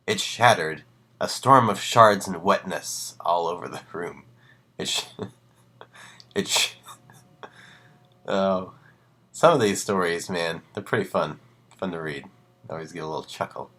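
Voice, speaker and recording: A man reading horror stories aloud on a live stream, breaking off for casual asides and dropping to a hushed voice on the ominous lines. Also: sits low, a little slow, pauses often.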